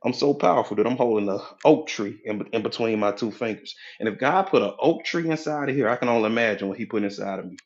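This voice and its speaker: Man, motivational talk, preachy, folksy, repetitive, medium pitch, dull lo-fi audio. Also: fast, hardly any pauses. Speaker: motivational speaker, hypnotherapy coach. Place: live audio app room.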